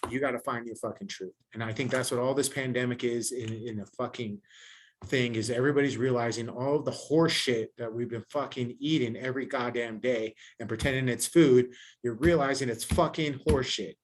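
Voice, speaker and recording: A man's voice: mid-range voice, steady tone, fairly quick, slight background noise. A podcast host, a man, ranting heatedly and preachily, swearing in nearly every sentence. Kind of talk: profane ranting podcast chat.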